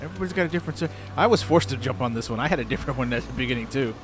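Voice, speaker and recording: Fast-talking brash male game streamer. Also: mid-range voice, expressive. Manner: brash, crude joking, quick. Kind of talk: casual gaming stream chat. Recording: game music behind voice. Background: game music.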